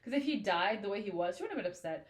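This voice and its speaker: Woman podcast co-host, emotional and gushing, full of "like" fillers, mid pitch, recorded in an echoey room. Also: expressive, racing, slight background noise. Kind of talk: casual book discussion chat. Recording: roomy echo.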